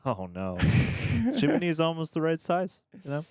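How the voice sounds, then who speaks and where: A man's voice: a little high, big pitch swings, normal speed, background noise. A man co-hosting a movie reaction, dropping dry punning quips. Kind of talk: casual joking commentary.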